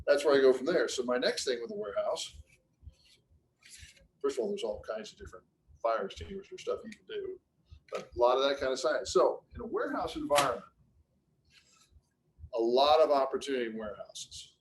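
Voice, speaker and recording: Male presenter, mid-pitched, loose and anecdotal, restarts his phrases, webinar mic. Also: big pitch swings, brisk, long pauses, a little hiss or hum, poor audio. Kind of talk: casual business webinar talk.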